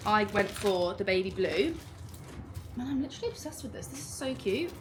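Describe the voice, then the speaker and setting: A young woman, chatting casually at home while unboxing a clothing haul in an excitable, gushing way. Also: mid-range voice, normal speed, background noise. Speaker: vlogger.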